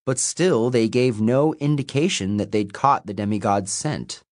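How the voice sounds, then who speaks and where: A man narrating a fantasy novel as an audiobook, in a measured storytelling manner. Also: medium pitch, no echo, studio quality. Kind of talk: scripted narration.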